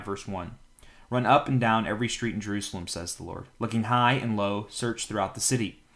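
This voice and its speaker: A man with a fairly low voice reads a long scripture passage aloud as a podcast host. His delivery is steady and plain, with an occasional slip that he quickly corrects. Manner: steady reading with occasional stumbles and self-corrections. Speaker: Bible reading podcast host.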